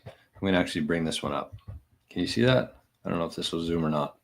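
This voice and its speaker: Canadian guy ranting on his daily vlog, low voice, swears a lot, gets fired up. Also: animated, fast talker, gravelly. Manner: blunt, profane and combative. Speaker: bitcoin vlogger.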